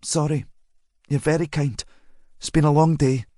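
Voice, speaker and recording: A man's voice: a little high, fairly even intonation, moderate pace, mellow, dry recording, studio quality, voice pushed up, natural voice. A man voicing a wary teenage runaway girl who gives short, clipped replies. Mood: guarded.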